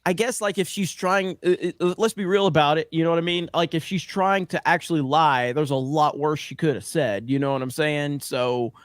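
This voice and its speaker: A man's voice: on the high side, normal speed, few pauses, no room sound, studio quality. A man hosting a casual podcast chat, blunt and rambling, with a profane, opinionated way of talking.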